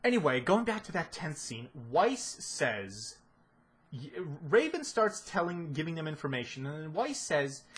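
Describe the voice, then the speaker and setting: A man's voice: on the high side, very animated, a little slow, breathy edge. A man giving a ranting analysis of a show, exasperated and swearing heavily. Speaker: video commentator.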